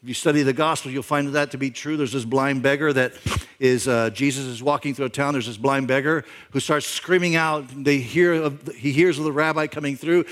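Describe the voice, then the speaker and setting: A middle-aged male pastor giving a sermon, telling a story conversationally, with lines that climb louder and higher for emphasis. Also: moderate pace. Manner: conversational storytelling, imagining a backstory aloud; rises in pitch and volume for emphasis.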